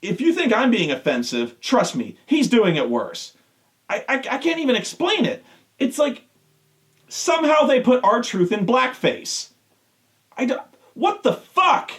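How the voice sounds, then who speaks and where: A man's voice: extremely high pitch, huge pitch swings, measured pace, fairly bright tone. A man hosting a show, ranting with exasperation and heavy swearing. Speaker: show host. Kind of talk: profane rant.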